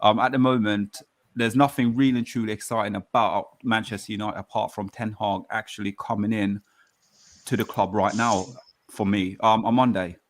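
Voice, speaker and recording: Enthusiastic man, low and dry. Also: flat delivery, normal speed, no room sound. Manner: enthusiastic, rambling. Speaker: panel host. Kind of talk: casual panel chat.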